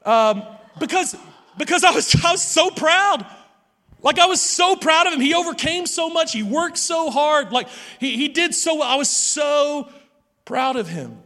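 Man, pastor, sermon, very high voice, long reverberant hall, repeats words, hushed then loud. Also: animated, unhurried. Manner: storytelling with many repeated words and restarts; swings between hushed and loud passages.

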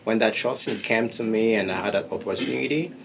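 A man from Gabon and Congo speaks with a very low, deep voice. He talks earnestly and gratefully about his work as a spoken word artist and musician in an interview. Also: brisk, gravelly, slight background noise. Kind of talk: interview answer.

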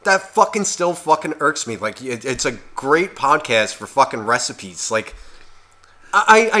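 A man's voice: on the high side, sharp tone. A man co-hosting a podcast in casual chat, ranting and swearing constantly as he works himself up. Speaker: podcast co-host.

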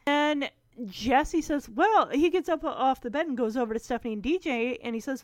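Woman, casual recap, lively acted-out quotes, fairly high voice, dry close sound. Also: moderate pace, no room sound. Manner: animated retelling, acts out characters' lines, laughs often. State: choked up. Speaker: show recapper.

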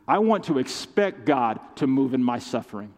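A man's voice: mid-range voice, sing-song, normal speed, a little mellow. A man delivers a heartfelt sermon, his voice carrying with a long echo through a large church hall. He preaches with passion, rising and falling as he calls his listeners to answer back. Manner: impassioned preaching with call-and-response. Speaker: pastor. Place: church sanctuary.

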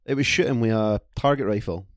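A man's voice: lowish voice, brisk, no room sound, studio quality. A man with a Scottish accent telling a rambling, profane anecdote in casual chat with friends.

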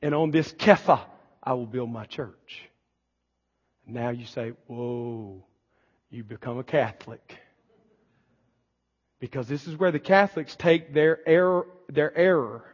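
A man preaching a sermon as pastor, building to shouted emphasis. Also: on the high side, measured pace. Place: church sanctuary. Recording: long church reverb, dull lo-fi sound.

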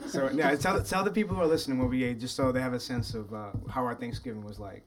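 A man's voice: mid-range voice, fast, slight background noise. A man hosting a podcast, teasing a guest in casual chat at a family holiday gathering. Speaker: podcast host.

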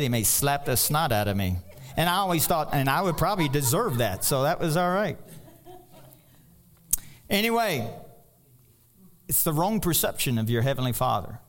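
A man's voice: mid-range voice, lively intonation, normal speed. A man preaching a sermon in a folksy, storytelling way, with joking asides and a voice that climbs when he presses a point. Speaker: pastor.

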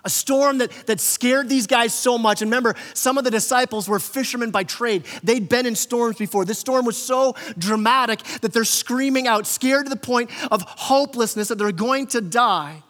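High-voiced pastor preaching in reverb. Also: male voice, moderate pace, hardly any pauses, fairly bright tone. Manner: conversational preaching, frequent word repeats, acts out quotes. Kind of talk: sermon. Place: church hall.

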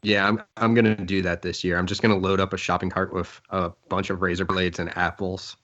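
Low-voiced man on a dull mic. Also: flat delivery, brisk, fairly bright tone. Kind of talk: casual film commentary.

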